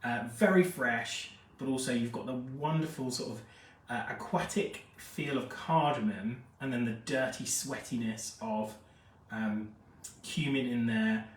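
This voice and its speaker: A man's voice: mid-range voice, unhurried, slight background noise. Chatty man, echoey and distant. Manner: chatty and gushing, reads out viewer comments. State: unwell after a jab, feverish. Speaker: fragrance expert host. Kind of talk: live-stream product review chat. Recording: echoey room, mic at a distance.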